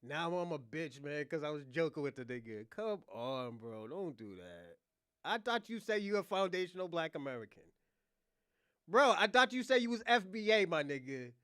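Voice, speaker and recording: High-pitched guy from boston hosting a live show, teasing, laughs a lot, dry sound. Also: sing-song, normal speed, sharp tone, clean tone, dry recording. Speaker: livestream host. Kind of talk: casual live chat.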